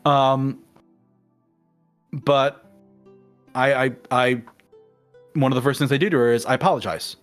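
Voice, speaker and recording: A man's voice: mid-range voice, measured pace, pauses often, faint music behind. A man in a casual conversation, telling a long game story and acting out the characters' lines as he goes. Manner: animated storyteller acting out quotes. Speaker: guest in a game discussion.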